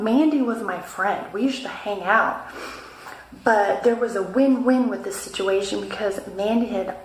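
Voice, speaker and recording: A woman talks straight to her viewers in a chatty, animated way, mixing tips with a personal story. Her voice sits at a middle pitch. The room around her is noticeably echoey. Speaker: vlogger. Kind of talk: casual storytelling and advice.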